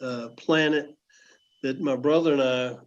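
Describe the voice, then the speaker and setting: A man chatting on an online astronomy session, speaking haltingly with many fillers. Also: medium pitch, steady tone, dull audio. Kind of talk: casual online chat. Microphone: online call mic.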